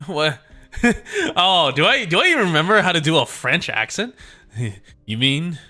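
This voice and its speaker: A man's voice: fairly high pitch, sing-song, unhurried, bright, forceful tone, faint music behind. A male streamer chatting casually and laughing often while reading a game story aloud at his desk mic. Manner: laughs often, self-amused, rambling.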